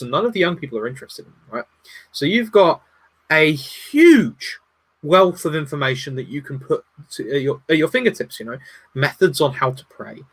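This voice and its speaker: A man's voice: fairly high pitch, breathy edge. A man who is a guest on a casual livestream discussion, talking earnestly and handing out advice. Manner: earnest, advising, animated.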